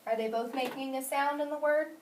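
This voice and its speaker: A woman's voice: high-pitched, fairly even intonation, fairly quick, slight background noise. A woman teaching a phonics lesson, asking questions and praising answers patiently. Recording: echoey room, mic at a distance.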